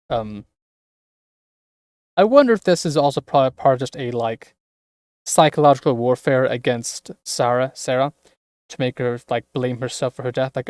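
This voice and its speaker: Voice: mid-range voice, moderate pace, long pauses, darkish tone, dry recording, clean studio sound. A streamer thinking aloud while playing a game, with lots of "like" fillers. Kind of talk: casual game commentary.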